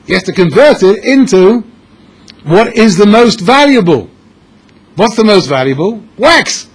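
A man's voice: high voice, breathy edge. A man telling a dramatic story as a sermon to a room of young men, repeating words for emphasis. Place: room with an audience.

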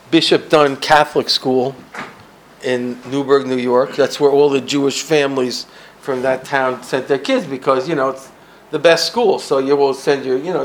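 An older man from the United States telling a personal story, swinging between loud bursts and hushed asides. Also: mid-range voice, a little hiss or hum.

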